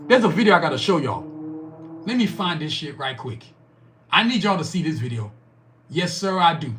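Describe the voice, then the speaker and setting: A man's voice: a little high, very animated, normal speed, fairly bright tone, slight background noise. A man from Nigeria hosting a podcast, delivering an angry, profane, emphatic monologue. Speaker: podcast host.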